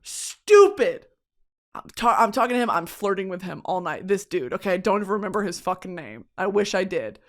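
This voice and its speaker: Animated Texan woman telling a story. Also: medium pitch, fast talker. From Texas. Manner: animated, profane, laughs often. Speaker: podcast host. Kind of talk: comedic storytelling.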